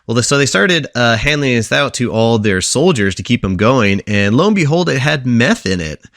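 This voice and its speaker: A man's voice: medium pitch, big pitch swings, normal speed, a bit bright, dry recording, clean studio sound. A young man hosting a casual podcast, walking his friends through a history story with lots of fillers and quiz questions. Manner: rambling explainer, asks quiz questions, many fillers and restarts. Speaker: podcast co-host presenting a history segment.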